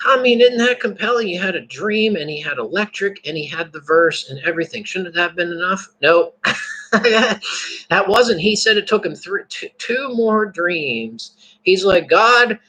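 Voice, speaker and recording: A man giving a casual, candid talk about faith, animated, swearing and laughing often. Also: sits high, normal speed, rough recording.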